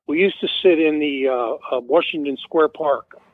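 Older guy calling in to radio, kinda high voice, tinny phone sound, rambles with lots of "you know, like". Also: normal speed, no room sound. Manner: loose storyteller, many fillers and restarts. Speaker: guest. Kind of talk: rambling anecdote on a radio call-in. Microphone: phone call.

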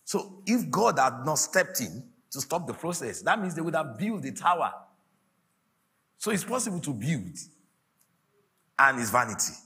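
A man preaching a sermon as a pastor, giving prophetic declarations that swell into shouts about laughing. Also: fairly high pitch, very animated, normal speed, long pauses. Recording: faint music behind the preaching.

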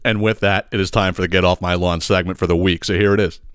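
A man's voice: low-pitched, fairly even intonation, fast talker, heavy background noise. A man, hosting a comedic solo rant, swearing and exasperated. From Philadelphia area. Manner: profane, exasperated ranting with chuckles. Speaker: podcast host.

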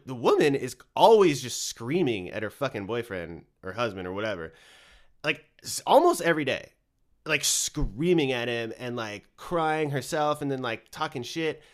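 A man in his thirties chatting casually, rambling and swearing often. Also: medium pitch. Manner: loose, rambling, heavy swearing. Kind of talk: casual chat.

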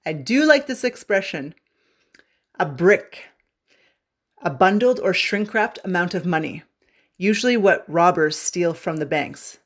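A woman's voice: lowish voice, lively intonation, a little slow, long pauses. A woman from Canada teaching English slang on a radio show, with a playful, joking manner and bits of singing. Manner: playful, jokey, bursts into singing. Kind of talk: humorous language lesson on radio.

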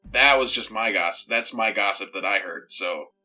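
A man doing a halting, gossipy coworker. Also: lowish voice, bright, forceful tone, faint music behind, low-quality recording. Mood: conspiratorial. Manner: hesitant, halting. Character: gossipy male coworker, self-serving. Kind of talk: improvised tabletop role-play.

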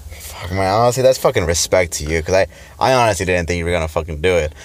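Deep-voiced man telling a profane story. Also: fast talker, slight background noise. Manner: profane, storytelling, laughs often. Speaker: podcast co-host. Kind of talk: casual chat.

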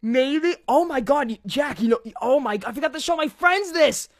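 A man's voice: very high voice, expressive, normal speed, no room sound, clean studio sound. A young man from Brooklyn, chatting as a podcast host. He swears a lot and swings his voice up and down. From Brooklyn, New York. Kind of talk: casual chat.

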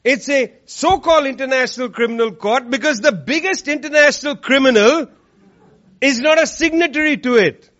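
High-voiced sarcastic man giving a speech. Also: moderate pace, fairly bright tone. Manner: sarcastic, emphatic, repeats lines for effect. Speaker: speaker at an activist event. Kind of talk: political speech to a live audience. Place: room with an audience. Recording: dull lo-fi recording.

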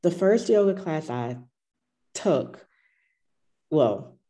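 A middle-aged woman with a low, mellow voice, telling stories from her yoga practice. She speaks in a reflective, conversational way. She mimics her own past reactions as she goes. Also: animated, very slow. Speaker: yoga teacher. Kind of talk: casual conversation.

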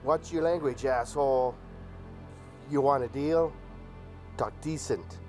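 An actor playing a sneering mobster in a cheap crime film, dragging out each scornful word. Faint music sits under the clip. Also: male voice, medium pitch, slow pace, darkish tone, natural voice. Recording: movie clip with music behind.

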